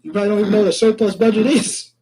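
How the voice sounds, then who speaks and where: A man's voice: high voice, steady tone, very fast, warm tone, breathy edge. A man heard in a played clip, talking defensively and with exasperation, swearing as he goes.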